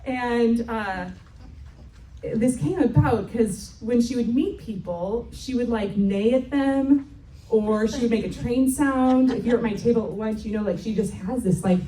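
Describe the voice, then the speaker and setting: A woman in her thirties speaks at a church retreat in a chatty, self-mocking way, laughing easily as she goes. Her voice sits a little high. The sound is roomy, with the echo of a hall, as if picked up from some distance. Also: mellow, slight background noise. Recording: echoey hall, mic from afar.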